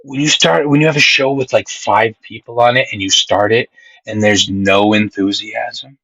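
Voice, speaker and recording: A man chats live with his stream audience, rambling from point to point and reading their comments aloud. His voice has a sharp, bright edge, and he swears freely. He sounds close and dry, with no room behind him. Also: on the low side, fairly even intonation, normal speed, gravelly, dry recording, lo-fi sound. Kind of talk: casual live-stream chat.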